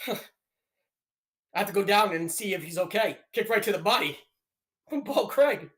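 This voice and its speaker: A young man giving jokey, excitable play-by-play commentary on a live fight stream, breaking into loud outbursts. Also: high-pitched, moderate pace, long pauses.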